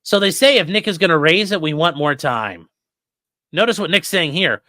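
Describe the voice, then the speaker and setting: A man's voice: on the high side, lively intonation, normal speed, sharp tone, dry recording, clean studio sound. A man hosting live legal commentary, talking bluntly and with lots of swearing. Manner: blunt, profane, exasperated. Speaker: lawyer and commentary host.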